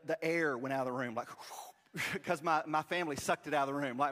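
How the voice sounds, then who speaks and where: Pastor telling a story in a reverberant church. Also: male voice, mid-range voice, quick pace. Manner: storytelling, self-deprecating and animated. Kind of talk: sermon. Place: church sanctuary.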